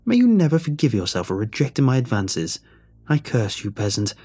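Creaking ancient crone for a spoken ghost story, sly then cruel, played by a man in a husky, low register. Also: sing-song, moderate pace, a little mellow, heavily acted. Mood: cursing. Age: over 60. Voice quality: creaking, rasping. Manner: sly and mocking, turning to cursing.

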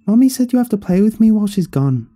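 A bratty little girl, put on by a man, whines in a pinched, high voice well above his usual register. Underneath, the voice keeps a husky, dark grain, with faint music playing behind. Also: sing-song, fast. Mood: whiny. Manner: whiny, bratty child's voice. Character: whiny, sly little girl, tattletale.

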